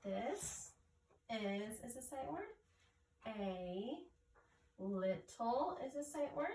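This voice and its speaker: A woman teacher giving an early reading lesson, sounding out and spelling words slowly and carefully. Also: on the high side, a little mellow, slight background noise. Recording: echoey room, mic at a distance.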